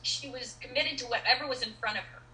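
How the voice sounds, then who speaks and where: A middle-aged woman speaks as an interview guest. Her voice is very bright and sits a little high. She talks in lively bursts full of restarts and fillers, and the room around her echoes. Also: fast, slight background noise. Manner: animated storyteller with many restarts and fillers. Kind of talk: casual interview chat. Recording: roomy echo.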